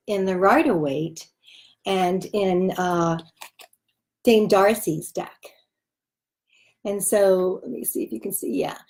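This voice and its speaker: A woman's voice: medium pitch, darkish tone. A woman chatting casually as a tarot reader while showing cards, loose and full of fillers. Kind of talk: casual chat showing a deck.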